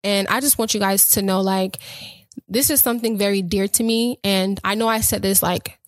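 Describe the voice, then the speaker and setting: A young woman opens her faith podcast in an excited, rambling way, circling back over her own phrases as she talks. Her voice sits at an ordinary middle pitch. The sound is dry and close. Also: normal speed, no room sound. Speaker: podcast host. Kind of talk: casual faith talk podcast.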